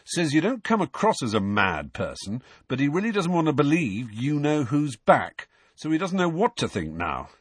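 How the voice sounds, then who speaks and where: A cheeky teenage wizard, read by a man jokes with lively, bouncing pitch and a husky edge. The recording is dry and close. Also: normal speed, no room sound, heavily acted. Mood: jokey. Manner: jokey, enthusiastic.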